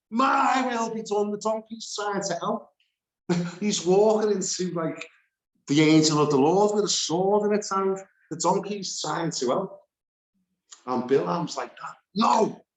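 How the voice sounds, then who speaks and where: A man teaching a Bible study, animated and laughing between his points as he reads scripture aloud. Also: fairly high pitch, roomy sound.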